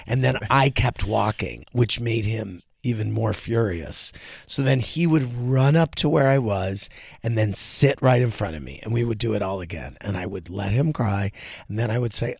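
A man hosting a podcast, chatting casually and telling animated stories about his son. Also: moderate pace, creaky, husky, no echo, studio quality. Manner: animated storytelling, quoting his son in a higher voice. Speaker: podcast host. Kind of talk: casual chat.

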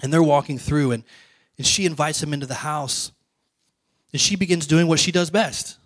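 A male pastor giving a conversational sermon, asking the congregation questions and dropping to soft, quiet lines. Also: on the high side, normal speed, no echo.

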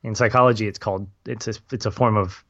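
A man's voice: lowish voice, fairly even intonation, quick pace, fairly bright tone, no room sound. A young adult man in a casual film discussion, thoughtful and rambling, laughing easily. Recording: dull lo-fi audio.

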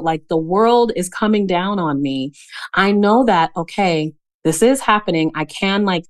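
Woman, slightly low pitch, candid guest, animated, laughs a lot. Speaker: podcast guest. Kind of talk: candid conversational storytelling.

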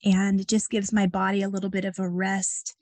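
A woman working as a psychic medium, talking casually and gently about her spiritual practices and reading cards, often pausing to search for words. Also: mid-range voice, monotone, no room sound. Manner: gentle, rambling, with frequent fillers.

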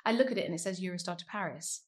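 A woman, a singer chatting as a podcast guest and acting out quoted lines with big jumps in pitch. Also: very fast. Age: 30s. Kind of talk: casual storytelling chat.

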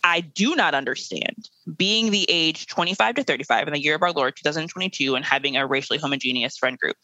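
A young woman in her late twenties, speaking as a guest in a podcast interview. She talks in a blunt, emphatic way and laughs now and then. Her voice is bright and forceful, with a dry, close sound. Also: low-pitched, animated, fast, no room sound, rough recording. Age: 20s. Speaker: guest, educator.

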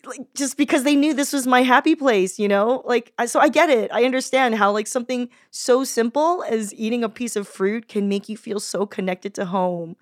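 A woman's voice: a little high, normal speed, hardly any pauses, no echo. Chatty female host with a dry sound. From Taiwan and US. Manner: chatty, expressive, emotional. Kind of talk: casual conversational interview.

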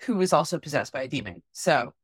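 A woman's voice: low voice, expressive, quick pace, breathy edge, no room sound, clean studio sound. Rambling wry woman co-host. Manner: rambling, self-interrupting, wry. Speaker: podcast co-host. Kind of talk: casual podcast chat.

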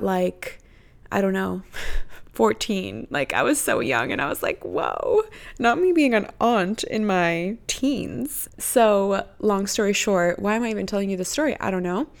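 A woman's voice: medium pitch, creaky. A woman in her twenties hosting a podcast, chatting casually in a rambling, freewheeling way and swearing freely. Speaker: podcast host. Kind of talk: casual chat.

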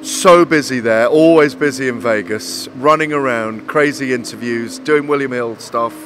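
A middle-aged man, a boxing journalist, chatting casually and telling an animated story. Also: mid-range voice, moderate pace, a little hiss or hum. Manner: animated storyteller, acts out quotes with swearing. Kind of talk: casual two-way interview chat.

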